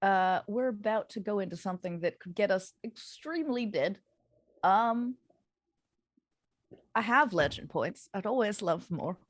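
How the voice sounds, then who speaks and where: A woman playing in a tabletop game on a live stream, chatty and quick to laugh. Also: mid-range voice, expressive, no echo. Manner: chatty, laughs often, trails off. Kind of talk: casual chat on a live stream.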